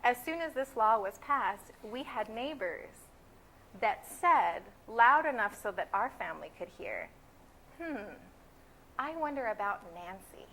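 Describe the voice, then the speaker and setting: A woman's voice: a little high, animated, unhurried, fairly bright tone, slight background noise, low-quality recording. A woman in her twenties from California, a graduate student giving earnest, opinionated interview answers. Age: 20s. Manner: earnest and opinionated, building emphasis.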